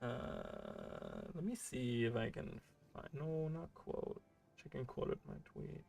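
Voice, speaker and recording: A man's voice: medium pitch, huge pitch swings, slow, creaky, a little mellow. A man streaming a game and chatting casually, rambling with many fillers and restarts. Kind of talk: casual livestream chat while gaming.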